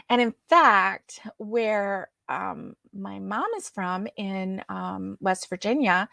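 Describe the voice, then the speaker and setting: A woman's voice: mid-range voice, takes it slowly, gravelly, bright, forceful tone, no echo, clean studio sound. A woman hosting a casual crochet livestream, reading viewer comments aloud and greeting each viewer by name.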